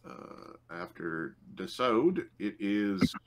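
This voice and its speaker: Slow, low-voiced male game master. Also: big pitch swings, slight background noise. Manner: unhurried, thinking aloud with many fillers. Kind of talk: running a tabletop game.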